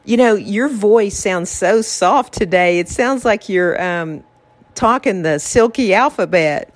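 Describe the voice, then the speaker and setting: A woman's voice: mid-range voice, slow. A woman hosting a podcast, talking in a reflective, casual way about faith and getting through hard times. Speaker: podcast host.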